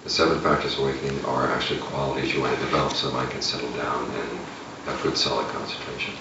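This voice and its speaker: A man, a meditation teacher, giving a relaxed, conversational dharma talk and chuckling at his own asides. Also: very deep voice, quick pace. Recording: echoey room, distant mic, lo-fi with noise.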